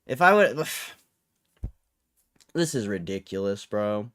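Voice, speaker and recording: A man's voice: lowish voice, very animated, slow pace, a bit bright. A young man hosting a livestream, ranting in an annoyed, swearing way with frustrated laughs. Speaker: livestream host. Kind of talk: casual livestream rant.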